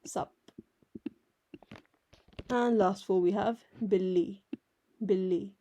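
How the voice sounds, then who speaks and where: Patient woman teacher, unhurried delivery, soft mellow tone, repeats each word. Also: mid-range voice, steady tone, a little hiss or hum. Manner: patient, explains each letter and repeats words slowly. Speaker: language teacher. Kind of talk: slow step-by-step alphabet lesson.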